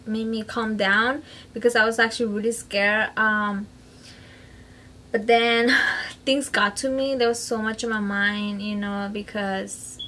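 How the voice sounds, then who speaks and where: A woman's voice: medium pitch, level tone, unhurried, sharp tone, slight background noise, rough recording. A woman vlogger casually telling a personal story to camera, filling her talk with "like" and "you know" and slipping into Spanish phrases. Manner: chatty, fills speech with "like" and "you know".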